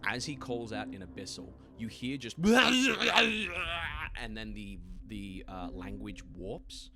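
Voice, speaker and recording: A man narrating as game master in a one-on-one tabletop game, relaxed and filling pauses with frequent "uh" sounds. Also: lowish voice, music in the background. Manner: relaxed, many "uh" fillers, quick laughs.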